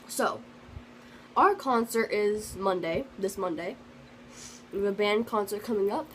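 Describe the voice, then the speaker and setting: A teenage girl vlogger tells a story in a sensitive, earnest way, rambling with lots of fillers and restarts. Her voice is medium-pitched, and the rough recording carries a little hiss or hum.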